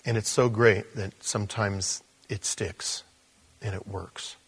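A man preaching a sermon, telling a story that jumps between hushed asides and loud, emphatic high points. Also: fairly even intonation, slow, husky. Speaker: pastor.

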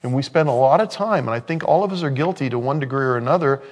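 A male pastor delivering a sermon, moving from quiet scripture reading to loud, emphatic preaching. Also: medium pitch, quick pace.

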